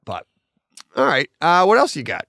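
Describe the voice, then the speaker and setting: A man's voice: a little high, wildly swooping pitch, moderate pace, vocal fry, sharp tone, dry recording. Talkative male podcast co-host, jokey, recorded dry and close. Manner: chatty, laughing asides. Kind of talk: casual chat.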